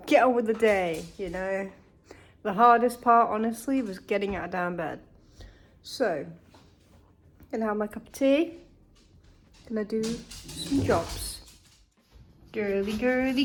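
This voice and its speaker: A woman's voice: mid-range voice, a little hiss or hum. A young woman chatting casually to camera in a vlog, candid and chatty with frequent swearing, while in pain. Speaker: vlogger.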